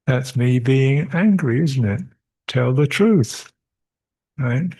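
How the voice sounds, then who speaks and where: A man's voice: mid-range voice, expressive, slow pace, dark tone, breathy edge. An older man, a Buddhist monk, answering questions at a meditation retreat, reflective, repeating short phrases and chuckling often. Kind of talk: retreat Q&A dharma talk.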